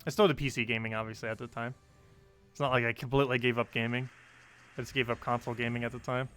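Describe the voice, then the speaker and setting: A man's voice: mid-range voice, little pitch movement, fast talker, fairly bright tone, clean tone, soft background music. Chatty young man streaming a game. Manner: chatty, laughs often, reads chat aloud. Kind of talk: casual live-stream chat.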